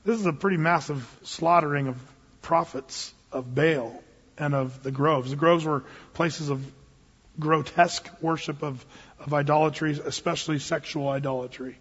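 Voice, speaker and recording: Husky-voiced man preaching in a reverberant hall. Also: a little high, moderate pace. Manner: casual, animated storytelling preacher. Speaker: pastor. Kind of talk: sermon. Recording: dull recording with long hall reverb.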